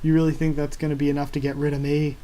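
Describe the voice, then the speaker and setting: A man's voice: fairly high pitch, monotone, rapid-fire, mellow, natural voice. A man reading out the lines of a stubborn, loyal young male pirate captain, speaking them defiantly.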